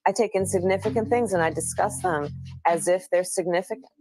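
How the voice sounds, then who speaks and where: A woman's voice: lowish voice, brisk, darkish tone, breathy edge, rough recording. A woman voicing a self-satisfied female politician who confesses her failings in a parody ad, rambling over music. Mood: smug. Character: smug female politician mocking herself in a parody ad.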